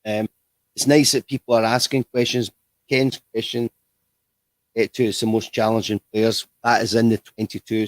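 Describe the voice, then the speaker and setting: A man's voice: fairly low pitch, level tone, normal speed, no echo. A man hosting a livestream interview, chatty and rambling, with frequent restarts. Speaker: host.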